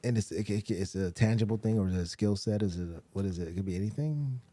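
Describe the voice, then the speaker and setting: Southern male guest, mellow dark voice, dry close sound, animated rambling talker with a salty mouth. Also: fast talker, breathy edge, dry recording. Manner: animated, rambling, swears freely, jumps into high laughing asides. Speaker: actor and director, podcast guest. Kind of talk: casual conversational interview.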